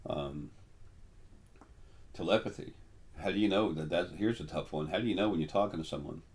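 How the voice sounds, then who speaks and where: Low-voiced older man rambling with ums. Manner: rambling, halting with many ums. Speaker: spiritual teacher. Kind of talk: casual monologue.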